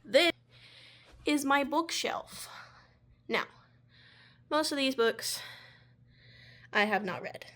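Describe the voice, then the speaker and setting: A woman's voice: high-pitched, animated, takes it slowly, pauses often, bright, forceful tone. Young woman, casual book-vlog host, rambling, full of fillers, recorded at home on a phone. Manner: rambling, filler-heavy, chatty. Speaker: book vlogger. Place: at home by her bookshelf.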